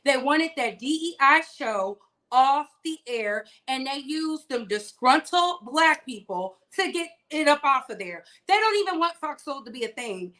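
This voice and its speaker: A woman's voice: high voice, lively intonation, measured pace, sharp tone. A woman hosting a live-streamed gossip show, chatting casually and sassily while greeting viewers by name.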